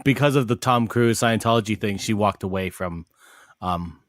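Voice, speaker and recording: A man's voice: on the low side, normal speed, no echo, clean studio sound. A man co-hosting a casual podcast chat, rambling with many fillers and restarts and laughing often. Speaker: podcast co-host.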